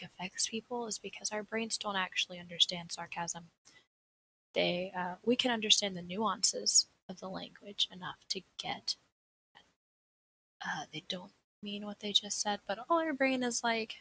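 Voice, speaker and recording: Over a livestream, a young woman with a Southern American accent rambles chattily through a seminar, laughing a lot. She has a sharp-toned, mid-range voice, and her desk mic picks up a little hiss or hum in the poor audio.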